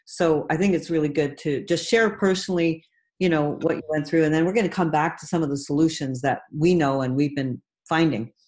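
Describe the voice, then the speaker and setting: A woman hosting a casual group chat, brisk as she steers the talk and hands it on. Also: low-pitched, a little mellow. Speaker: host.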